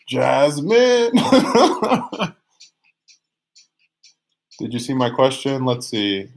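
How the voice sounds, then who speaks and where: A young man giving live tarot readings on a stream, chatty and teasing, reading viewer comments aloud, often restarting his phrases. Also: fairly low pitch. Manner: many restarts and drawn-out phrases, sometimes sings a line. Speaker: tarot reader.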